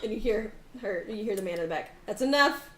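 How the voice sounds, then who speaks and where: A woman's voice: mid-range voice, fast talker, darkish tone, echoey room, poor audio. A woman narrating a tabletop game as game master, rambling with restarts and frequent laughter.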